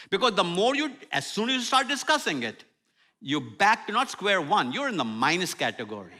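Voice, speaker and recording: An older man preaching a sermon as a guest speaker, humorous and animated, acting out prayers and apologies in a church. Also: sits high, fairly quick. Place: church sanctuary.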